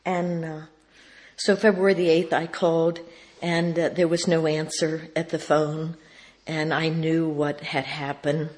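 A woman's voice: deep voice, little pitch movement, measured pace, a little mellow. A woman speaking at a recovery meeting, telling a personal story in a folksy, wry way and acting out the dialogue she recalls.

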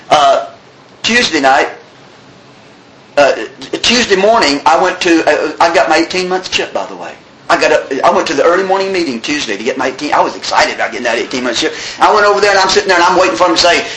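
A man telling his recovery story, earnest, with many restarts, dropping his voice low on the sad parts. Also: lively intonation, fairly quick, bright, forceful tone, roomy sound, slight background noise, poor audio. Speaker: recovery meeting speaker.

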